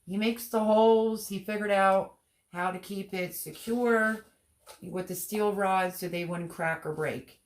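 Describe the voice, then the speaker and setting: A woman's voice: mid-range voice, steady tone, a little slow, a little hiss or hum. A woman hosting a live stream, chatting casually and reading out viewers' comments while greeting them by name. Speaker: livestream host.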